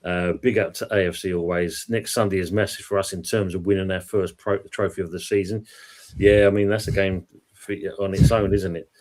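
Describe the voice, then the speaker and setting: A man's voice: deep voice, steady tone, fairly quick, a little mellow, a little hiss or hum. A man hosting a casual football stream, chatting and reading out viewer comments. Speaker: podcast host reading live chat.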